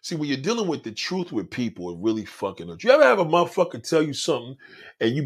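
A man's voice: on the high side, wildly swooping pitch, brisk, slightly rough. A man hosting his own podcast, talking in a blunt, profane, preachy monologue straight to his listeners. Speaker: podcast host. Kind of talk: casual monologue on a livestream.

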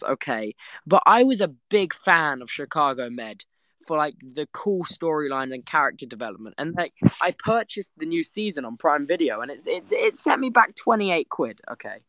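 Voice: medium pitch, big pitch swings, moderate pace, fairly bright tone, no room sound. A young adult vlogger, telling a story to camera in a giggly, rambling way that trails off mid-sentence.

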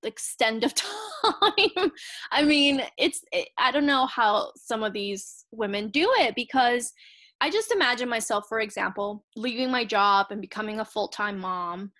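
A woman in her thirties chats casually as a co-host, a little high in pitch. She talks in an animated way, often laughs and acts out what people said. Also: measured pace. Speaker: podcast co-host. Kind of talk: casual chat.

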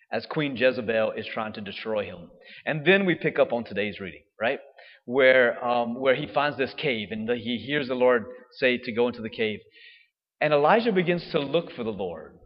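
Man, priest, chatty homily, long church echo, dull muffled recording. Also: medium pitch. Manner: conversational, jokey preaching with laughs and fillers. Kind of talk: homily at weekday Mass. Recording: dull reverberant church sound.

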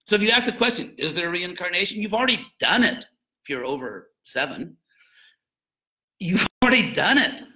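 A man's voice: sits high, very animated, moderate pace, pauses often, bright, forceful tone, poor audio. A man giving an informal lecture on philosophy and religion, digressive and jokey, with frequent asides.

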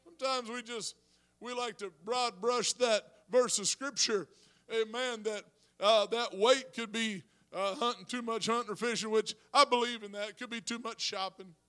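A man preaching a sermon as pastor, talking to his congregation with asides and rising to shouted praise. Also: very high voice, fairly even intonation, normal speed, clean tone.

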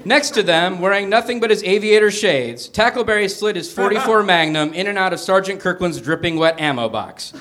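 A man reading a comic story aloud on a small theater stage before a live audience, with an animated delivery. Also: high voice, brisk, hardly any pauses. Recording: noisy live stage recording.

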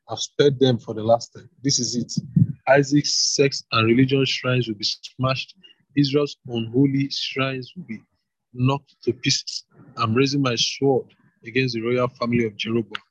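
Guy reading bible verses fast, kinda husky, dull lo-fi dry sound. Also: mid-range voice, dry recording. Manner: brisk, hurried reading. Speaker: scripture reader. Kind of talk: reading scripture aloud.

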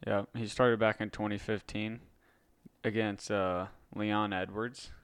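A man's voice: on the low side, flat delivery, measured pace, clean tone, no room sound. A man co-hosting a casual podcast, reading out news and stats in a laid-back way. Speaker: podcast co-host. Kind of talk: casual chat.

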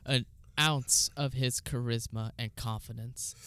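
A man co-hosting a casual chat, rambling with lots of fillers and deadpan asides. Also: mid-range voice, unhurried, smooth, no echo. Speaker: podcast co-host.

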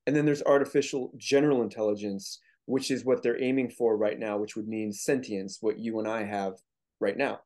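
A man's voice: fairly low pitch, steady tone, normal speed, darkish tone. A man speaking as a guest author in a casual interview, explaining his points earnestly with frequent restarts.

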